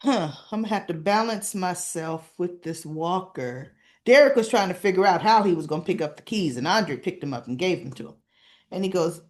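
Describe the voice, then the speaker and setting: A woman casually recapping a soap opera episode, acting out the characters' lines in an animated, chatty way. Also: fairly low pitch, fairly quick. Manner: animated retelling, acts out lines.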